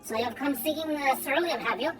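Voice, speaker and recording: A woman reading game dialogue aloud, putting on an odd accent to voice a gruff, wary male trader. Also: high-pitched, quick pace, natural voice, rough recording. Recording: game music behind.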